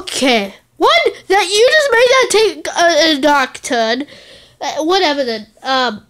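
A woman with a very high, bright, sharp-edged voice performs a playful plush toy skit. She speaks slowly and in a sing-song way, hopping between silly character voices. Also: big pitch swings. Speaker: plush toy video maker.

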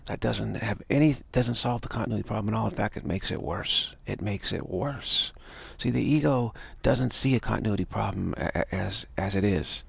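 A man giving a live spiritual talk, halting and repeating words as he tells a story and acts out the voices in it. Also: lowish voice, vocal fry, fairly bright tone, slightly rough, dry recording. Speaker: spiritual teacher.

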